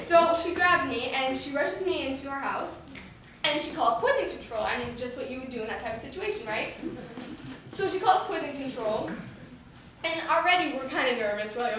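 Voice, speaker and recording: A young woman doing stand-up comedy, telling a story in an animated way and jumping into shrill voices for the people in it. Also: normal speed. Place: theater stage with a laughing audience. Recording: echoey theater from far off, hissy.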